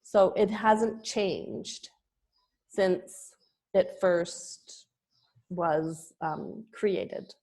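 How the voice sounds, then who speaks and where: A woman's voice: lowish voice, extremely slow, a little mellow. A woman giving a presentation on yoga history, speaking with frequent ums and restarts. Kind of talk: slow spoken lecture with pauses.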